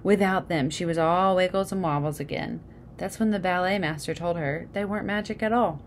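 A woman's voice: lowish voice, brisk, slight background noise. A woman reading a children's picture book aloud, adding casual asides about the pictures. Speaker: storybook reader.

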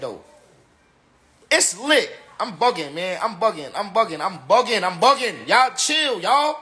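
A battle rapper, tipsy from drinking, rants casually on a livestream in an extremely high-pitched, sharp voice. His delivery is emphatic, repetitive, and full of slang.

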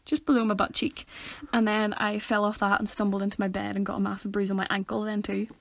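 A woman's voice: mid-range voice, level tone, quick pace, dry recording. A young woman co-hosting a casual podcast, telling a childhood story and laughing through it. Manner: giggly storyteller, laughs through her anecdotes. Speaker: podcast co-host. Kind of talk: casual chat.

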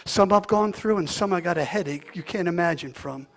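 Male pastor, high gravelly voice, preaching, drops to hushed tones then builds to loud fervor. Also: brisk. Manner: swings from hushed near-whisper to loud impassioned preaching. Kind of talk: sermon.

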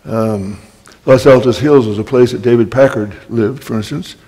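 Older guy telling wry stories at a library talk, raspy, lots of throat clearing, echoey hall. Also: medium pitch, normal speed, dark tone. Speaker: guest speaker. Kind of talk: storytelling talk. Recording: long hall reverb.

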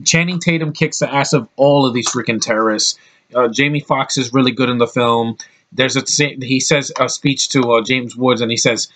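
A young man reviews a film in a casual, excitable ramble. He stumbles through filler words and swears freely as he talks. His voice sits at a middling pitch. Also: normal speed. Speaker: movie reviewer. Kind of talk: casual spoken movie review.

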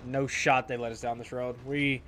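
A mid-range, fairly bright male voice with flat delivery speaks at normal speed, over slight background noise. He's a gameplay streamer chatting jokingly with viewers about his own play, repeating phrases and swearing when things go wrong.

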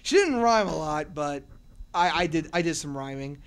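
A young man from Cincinnati, a radio and podcast host, talking excitedly and rambling with many restarts in an interview on a convention floor, holding a handheld mic. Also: on the high side, normal speed, clear, resonant tone. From Cincinnati, USA. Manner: energetic, rambling, with repeated restarts. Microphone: shared handheld mic.

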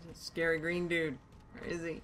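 A woman playing a shooter solo, talking to herself through a headset, swearing freely and yelling at enemies, tired and loopy. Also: low-pitched, brisk, background noise. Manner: swears often and shouts at enemies, with loud excited outbursts. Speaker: gamer streaming her own play. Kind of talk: casual gameplay commentary.

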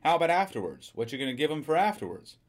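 A friendly neighborhood grocer in a read-aloud story, easygoing and helpful, as a man puts him on. He talks briskly and pleasantly with a regular customer. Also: a little high, sing-song. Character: friendly middle-aged male grocer, chatty and helpful.

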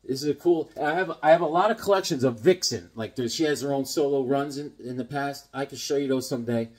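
A middle-aged man with a mid-range, darkish voice talks fast in a casual unboxing chat about comics he picked up. He's a comic collector vlogger who rambles enthusiastically and acts out voices while telling stories.

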